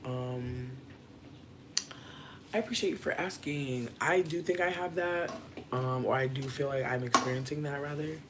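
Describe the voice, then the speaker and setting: A streamer talks straight to their chat from home late at night, playful and theatrical, with plenty of swearing. The voice sits at a middle pitch and keeps slipping into hushed whispers. A steady hiss and clicks run under the home mic. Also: normal speed. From Connecticut, USA. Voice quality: expressive, swears freely, slips into whispers. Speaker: livestreamer. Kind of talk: casual livestream chat.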